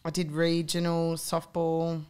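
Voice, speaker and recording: A woman's voice: sits low, monotone, a little slow, a little mellow, clear, resonant tone. A woman, chatting as a podcast guest and telling stories with lots of "like" and "um". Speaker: podcast guest, fitness competitor. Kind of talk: casual chat.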